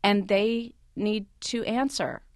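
A woman advice columnist, a guest on a radio talk show, giving confident advice in a relaxed way. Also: mid-range voice, slow, no room sound, studio quality. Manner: confident, advising, with easy laughter.

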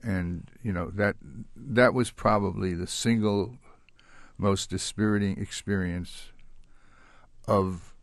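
Older man, low voice, halting reflective storytelling, dry close sound. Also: fairly even intonation, no echo. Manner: halting and reflective, with frequent restarts and soft laughs. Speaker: guest. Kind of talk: recounting a personal story in an interview.

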